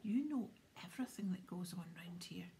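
Whispered role-play: a woman reading an earnest, coaxing young schoolgirl, soft and dark. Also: on the low side, lively intonation, normal speed, gravelly.

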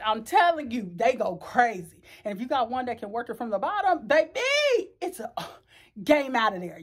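High-voiced woman, super animated bawdy bedroom chat to cam, jokes a lot. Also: measured pace. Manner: frank, bawdy, laughing and joking. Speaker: vlogger. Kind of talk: casual chat to camera. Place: her bedroom.

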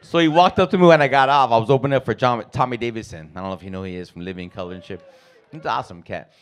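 A man doing profane, loud stand-up comedy in a club, riffing with the crowd on a handheld mic. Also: mid-range voice, rapid-fire, clear, resonant tone. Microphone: handheld stage mic.

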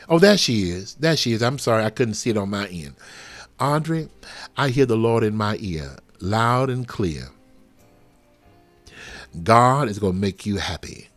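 A man leading a live prophetic prayer over a livestream, fervent and swinging from soft murmurs to loud exclamations. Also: lowish voice, expressive, measured pace, long pauses, soft background music. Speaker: pastor. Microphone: livestream webcam.

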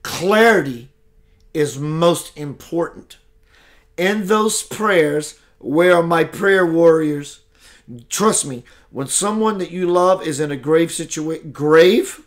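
A man leads a live spiritual broadcast in a slow, deliberate, preacherly manner. His voice sits a little high for a man, and he lets his words land one at a time. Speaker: spiritual show host.

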